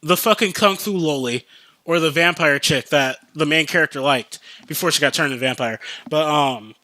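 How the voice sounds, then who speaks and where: A young man rambles excitedly through a casual solo podcast, piling up filler words as he goes. His voice sits a little high and rings bright and forceful. The sound is close and dry, with no room around it. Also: dry recording. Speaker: podcast host.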